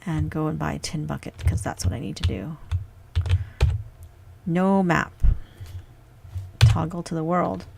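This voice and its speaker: Young woman muttering thru a game, lowish gravelly voice, faint game music. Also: measured pace, pauses often, noisy background. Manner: muttering, thinking aloud. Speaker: gaming youtuber. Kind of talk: casual gameplay commentary.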